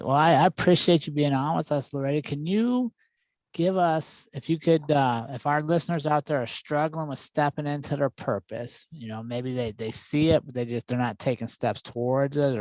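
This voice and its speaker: A man hosting a podcast who keeps his questions upbeat and encouraging. He speaks in a mid-pitched voice. The sound is dry, with no room echo. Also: normal speed, a little mellow. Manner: upbeat, affirming interviewer. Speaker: podcast host. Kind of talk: conversational interview.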